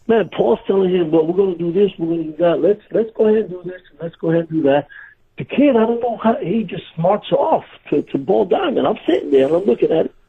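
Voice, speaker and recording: A man with a husky, somewhat high voice tells wrestling stories over a tinny phone line. He talks in an animated way, laughing through his tales. A relaxed interview guest. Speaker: former pro wrestler, guest. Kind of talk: casual storytelling interview.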